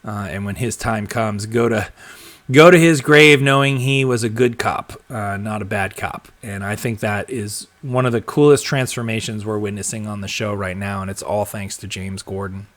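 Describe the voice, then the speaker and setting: Reading and responding to viewer comments on his live show, a young male host talks at a normal speed in a lowish, fairly bright voice. His delivery rambles, heavy with fillers, ums and restarts, and he chuckles and trails off.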